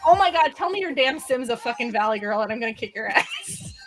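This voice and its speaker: A woman's voice: high-pitched, a little fast, crowd noise. A young American woman streaming live, chatting playfully and swearing freely. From United States. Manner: animated, playful and swearing, with sudden squeals. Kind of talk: casual live-stream chat.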